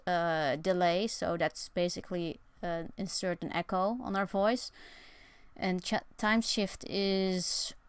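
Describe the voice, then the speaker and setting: A young woman chats through a live stream from her bedroom, wandering from thought to thought with sarcastic, self-mocking asides. Her voice is smooth and clear at an ordinary pitch. The sound is dry and close, with no room echo. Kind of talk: casual live-stream chat.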